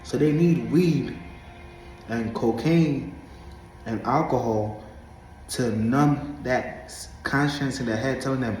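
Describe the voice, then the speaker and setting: A man from Africa talking to camera in a preachy, emphatic monologue, hammering the same points again and again. His voice sits at a middle pitch. The room is echoey, with faint music behind. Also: slow, long pauses, a little mellow. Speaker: vlogger.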